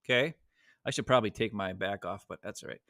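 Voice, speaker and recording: A man with a bright, ringing voice co-hosts a fan talk show over a video call. He explains a game at length, restarting sentences as he goes. The sound is dry and close to the mic. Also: on the low side, fast talker, creaky, dry recording. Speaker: co-host of a sports fan show.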